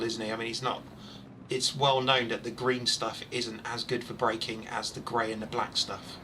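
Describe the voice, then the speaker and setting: Man, live race commentary, chatty, noisy background. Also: mid-range voice. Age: over 40. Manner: chatty, excitable at incidents. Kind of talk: live sim racing commentary.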